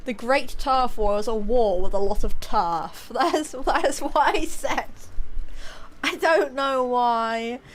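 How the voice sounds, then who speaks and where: A woman's voice: on the high side, slow pace, slight background noise. A woman streaming a video game, giving rambling, giggly, self-mocking commentary. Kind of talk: casual gameplay commentary.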